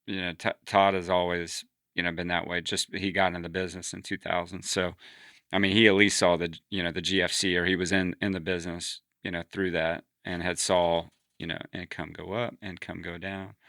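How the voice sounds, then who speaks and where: Gravelly low-voiced man, flat delivery. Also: fairly quick, dry recording, studio quality. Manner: hesitant, full of "you know" fillers. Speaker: podcast guest. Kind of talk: casual chat.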